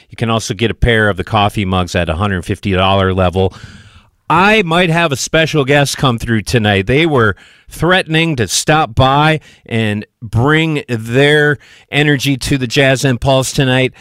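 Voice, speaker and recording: Hosting live jazz radio from a studio, a man with a medium-pitched voice chats in a relaxed, filler-heavy way and urges listeners to give to the pledge drive. He's a bit out of breath, and there's no room sound.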